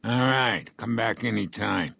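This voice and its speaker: An actor playing a gruff mob boss who runs a hotel, with a gravelly voice and a curt, dismissive manner. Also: male voice, on the low side, unhurried, pushed and bright, full character voice. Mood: brusque.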